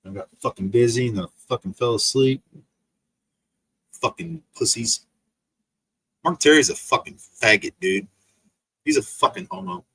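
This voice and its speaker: Bright-voiced man in a profane rant. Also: mid-range voice, lively intonation, moderate pace, pauses often, slightly rough. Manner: profane, insult-laden ranting. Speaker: streamer. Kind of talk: angry livestream rant.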